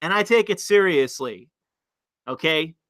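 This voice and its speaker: A man's voice: on the high side, expressive, a bit bright, no echo, clean studio sound. A man hosting a livestream, rambling and swearing as he reads out the chat and says things to provoke it. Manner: rambling, profane, deliberately provocative. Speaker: livestream host reading chat. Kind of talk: casual livestream rant.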